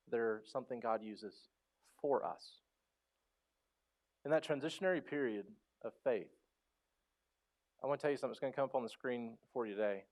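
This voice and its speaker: A man in his thirties delivers a sermon from the pulpit with a mid-range voice. He talks like he's telling friends a story, then climbs into loud, pleading prayers before dropping back to near-quiet reflection. The sound is a live church sermon picked up on a microphone. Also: mid-range voice. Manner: passionate, swings from loud pleading to soft. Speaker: pastor. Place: church sanctuary.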